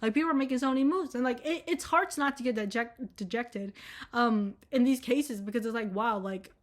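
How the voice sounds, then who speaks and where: A college-aged young woman vlogs in a rambling, candid monologue, speaking frankly with plenty of swearing and filler words. Her voice is slightly high and a bit quick.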